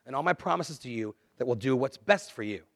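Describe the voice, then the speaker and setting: A man preaching a sermon, earnest and conversational, swinging between quiet, low asides and louder, emphatic lines. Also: lively intonation, a little fast, no room sound, clean studio sound. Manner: earnest, conversational preaching with dramatic dips and swells. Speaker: pastor.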